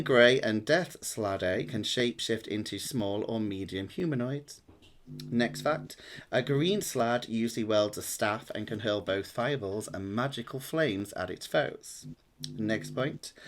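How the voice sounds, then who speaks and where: A man runs a tabletop game, explaining the rules in a relaxed, meandering way full of ums. His voice sits at a medium pitch and his talk wanders as he goes. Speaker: game master. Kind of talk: running a tabletop game over a call.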